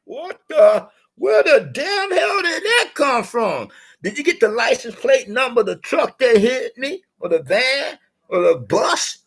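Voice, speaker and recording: A man playing a dazed male boxer who cannot believe he was hit, exclaiming in a high, strained voice. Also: very animated, unhurried, gravelly, breathy edge, heavily acted. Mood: stunned. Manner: shocked, exclaiming, high-pitched. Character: dazed, stunned male boxer after a punch.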